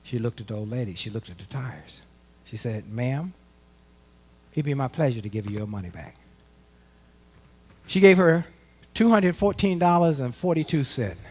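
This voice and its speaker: A middle-aged man from Washington giving a live motivational speech to a work audience, animated and folksy, talking straight to the crowd. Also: medium pitch, normal speed, pauses often, slightly rough. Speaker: motivational speaker. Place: conference room before a live audience.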